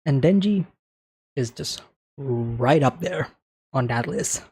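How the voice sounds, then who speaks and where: A man's voice: medium pitch, lively intonation, slow pace, a little mellow, breathy edge. A man hosting an anime reaction, talking casually and thinking aloud as he comments on each scene, often checking in with "right?".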